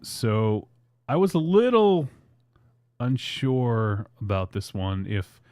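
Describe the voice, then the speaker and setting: A man's voice: medium pitch, very animated, slow, darkish tone, no room sound, studio quality. A man hosting a casual podcast, reading fan tweets aloud in a loose, rambling way. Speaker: podcast host.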